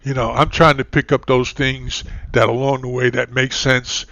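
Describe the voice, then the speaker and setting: Gravelly guy hosting a talk show online, lots of "you know", kinda hoarse, dry dull sound. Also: medium pitch, flat delivery, moderate pace, pushed and bright, no room sound. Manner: chatty, many filler "you know"s and restarts. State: losing his voice, clearing throat. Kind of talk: casual talk show conversation.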